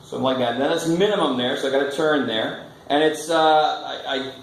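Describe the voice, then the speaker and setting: Guy teaching math in a big echoey room, kinda gravelly, jokey and casual. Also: medium pitch, fairly quick. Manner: casual, joking, thinks aloud at the board. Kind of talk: classroom lecture. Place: classroom. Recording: echoey classroom with faint noise.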